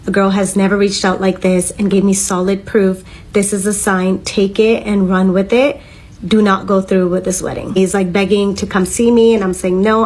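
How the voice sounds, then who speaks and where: A woman's voice: medium pitch, low-quality recording. A young woman vlogger telling a candid, emotional story in a casual storytime while getting ready. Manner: candid, heated and emotional retelling.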